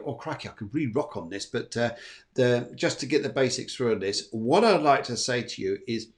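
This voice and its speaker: A man hosting a live show as a psychic medium, rambling and repeating himself with many fillers. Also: medium pitch.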